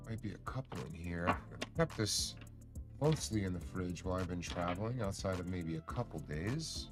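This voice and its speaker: A man's voice: low-pitched, expressive, moderate pace, loud music behind the voice. A man hosting a casual livestream, chatting in a rambling, joking way and swearing freely. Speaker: cannabis streamer and host.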